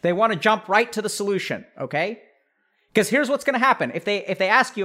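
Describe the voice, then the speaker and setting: A man with a notably high voice talks casually to a live chat, coaching his listeners step by step. He keeps checking in with rhetorical questions as he goes. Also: expressive, fast talker, bright, forceful tone. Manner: direct, coaching, frequent rhetorical check-ins. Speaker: podcast host giving mental health advice.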